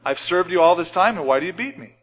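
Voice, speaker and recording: A man doing an indignant high-voiced talking donkey. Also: expressive, fast, fairly bright tone, husky, heavily acted. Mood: pleading. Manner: high pleading complaint. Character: talking donkey, put-upon and indignant, male. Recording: dull radio broadcast with long hall reverb.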